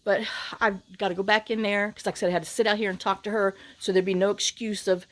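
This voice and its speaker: A woman's voice: mid-range voice, steady tone, fairly quick, a bit bright. A middle-aged woman, chatting casually to camera outdoors, worn out from work in the heat, sighing and rambling with lots of fillers. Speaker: vlogger. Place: outdoors on rural property.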